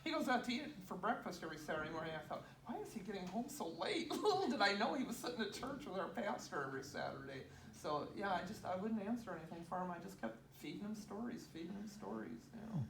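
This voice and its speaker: A woman's voice: mid-range voice, fast talker, hardly any pauses, slight background noise. Laughing woman telling a story, distant roomy mic. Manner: animated, laughs often, acts out quoted voices. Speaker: guest sharing testimony. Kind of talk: casual storytelling.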